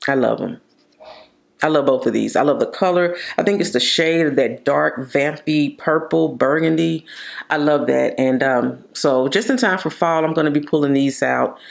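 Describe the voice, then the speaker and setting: Heavily gravelly woman gushing about makeup. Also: low-pitched. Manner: gushing, chatty, drawn-out emphasis. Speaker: beauty vlogger. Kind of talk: casual product review.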